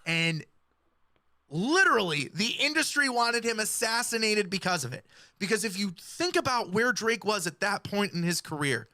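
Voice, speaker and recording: Bright, dry-voiced male hip-hop commentator. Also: high voice, big pitch swings, normal speed, no echo. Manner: earnest, explanatory, quotes lyrics. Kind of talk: analytical commentary.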